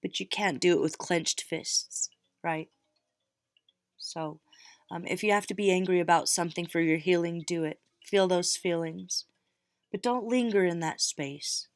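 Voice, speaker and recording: A woman's voice: lowish voice, measured pace, dry recording, studio quality, soft background music. A middle-aged woman reading tarot cards, talking casually and encouragingly straight to her viewers. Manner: warm encouraging pep talk, direct address. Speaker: tarot reader.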